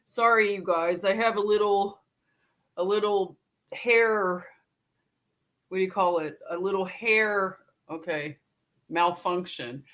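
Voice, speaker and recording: A woman's voice: medium pitch, slow pace, long pauses, a bit bright. A woman hosting a live stream, chatting casually and greeting viewers by name with easy laughs.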